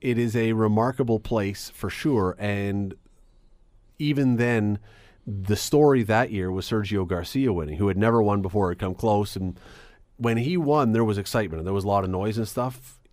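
A man's voice: fairly low pitch, moderate pace, darkish tone, dry recording, studio quality. A man hosting a radio sports talk show, chatting casually with many restarts and easy laughs.

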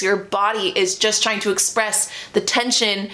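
A young woman hosts a solo podcast, giving life advice in a casual, earnest way. She talks in a chatty rush, full of fillers. Her voice sits at an ordinary middle pitch. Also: steady tone, measured pace, few pauses, bright, forceful tone. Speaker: podcast host.

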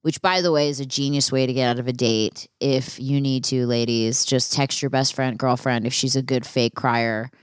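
A woman's voice: extremely low pitch, fairly even intonation, normal speed, hardly any pauses, smooth, dry recording, studio quality. A young woman hosting a solo podcast, telling a story in a frank, casual way with plenty of swearing and fillers. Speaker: podcast host.

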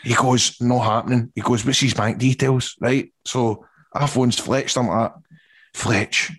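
A man's voice: medium pitch, a little slow, husky. A man with a Scottish accent, co-hosting a podcast and telling a story in casual chat, mimicking the people in it. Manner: animated storytelling, mimics others' voices. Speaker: podcast co-host.

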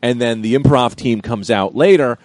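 A comedian telling a story in casual chat, acting out the people in it with loud, lively quotes. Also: male voice, medium pitch, moderate pace, dry recording. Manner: animated, acts out quotes loudly.

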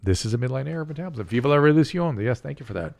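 Middle-aged guy hosting a podcast, gravelly creaky voice, explains medical stuff easy and jokey. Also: mid-range voice, animated, very fast, dark tone. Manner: explains medical terms plainly, joking. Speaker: podcast host, physician. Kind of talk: casual chat.

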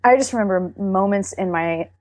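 A woman's voice: medium pitch, a little mellow, no echo. Earnest Texas woman sharing her testimony. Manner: earnest and emotional, with halting restarts. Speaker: interview guest. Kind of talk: candid faith testimony.

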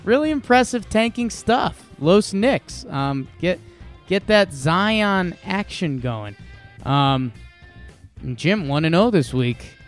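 A man's voice: high-pitched, big pitch swings, slow pace, faint music behind. A man co-hosting a podcast, chatting casually about sports bets in a rambling, joking way with many restarts. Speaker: podcast co-host making betting picks.

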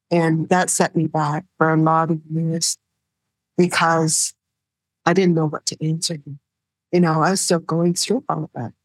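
A middle-aged woman telling her personal story in an interview, soft-spoken and halting, with many fillers. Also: low voice, little pitch movement, dry recording, poor audio. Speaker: guest, survivor sharing her story.

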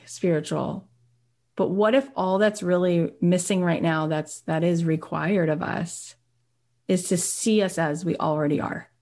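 Female host-coach, low voice, emotional and effusive, motivational talk full of casual fillers. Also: a little mellow. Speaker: business coach and podcast host.

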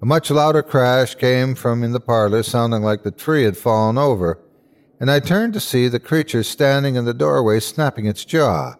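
A man hosting and narrating a scripted horror story with a measured, suspenseful delivery. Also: mid-range voice, expressive. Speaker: host and narrator.

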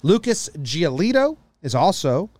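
A man co-hosting a sports podcast, chatting casually and trailing off softly. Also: a little high, very animated, a little slow, dry recording. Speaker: podcast co-host.

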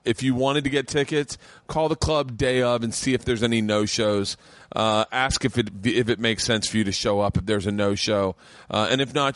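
A man hosting his own comedy podcast, talking loosely and fast, swearing often and rambling with excitement. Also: medium pitch, no echo. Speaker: podcast host and stand-up comic. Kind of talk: casual podcast chat. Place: home studio room.

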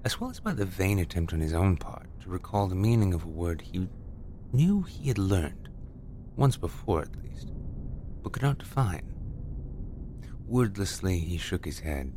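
Brief: low-voiced male storyteller, slow and deliberate, for a spooky podcast reading. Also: animated, dark tone, slight background noise. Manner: measured, deliberate, dramatic. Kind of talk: scripted horror story narration.

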